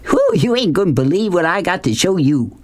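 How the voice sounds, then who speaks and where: A man voicing a boastful, rough-talking grown man who hollers and brags in an audiobook. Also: fairly high pitch, animated, slow pace, pitched above the performer's own voice. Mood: excited hollering. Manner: loud hollering bragging. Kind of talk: audiobook character voice.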